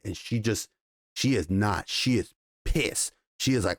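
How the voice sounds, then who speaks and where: A man casually reviewing a TV episode, retelling scenes with excited, profane enthusiasm and quoted dialogue. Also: lowish voice, measured pace, no room sound, clean studio sound. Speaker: TV show reviewer.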